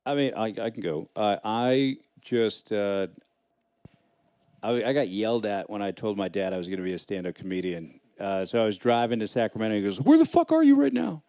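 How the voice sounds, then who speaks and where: A male comedian spins blunt, easygoing stories on a live panel. His voice is mellow and low-key, and the sound is close and dry. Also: a little fast, clean tone, no room sound. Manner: storytelling, blunt, swears casually. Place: live panel in a lodge room.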